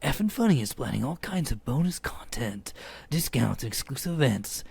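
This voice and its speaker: A man putting on a mock impression of a woman guest, reading an ad in a halting, overly careful way that drops to a whisper. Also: medium pitch, big pitch swings, vocal fry, darkish tone, breathy edge, exaggerated voice.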